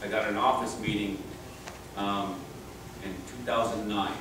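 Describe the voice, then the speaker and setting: In an unhurried, lowish voice with fairly even intonation, a middle-aged man casually tells stories to a crowd at a reunion held in a room. The tales ramble, punctuated by chuckles and many restarts, and the recording is very echoey, noisy and distant.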